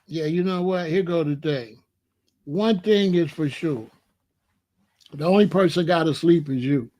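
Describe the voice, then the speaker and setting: A man's voice: on the high side, unhurried, a little mellow. A man in his sixties talking casually on a livestream, answering chat in a blunt, emphatic way and often repeating himself. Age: 60s. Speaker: host.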